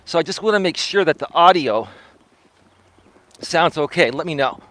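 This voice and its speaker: A man with a somewhat high speaking voice hosts a live coaching stream as he walks an outdoor trail. He talks casually but preachily, leaning on rhetorical questions. His voice comes through a foam-covered mic close to his face. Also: animated, moderate pace, a bit bright, dry recording. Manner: conversational and preachy, with frequent rhetorical "right?" tags; talks while walking. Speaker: personal development coach and live-stream host. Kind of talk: casual live-streamed talk while walking. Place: windy outdoor bay-side trail.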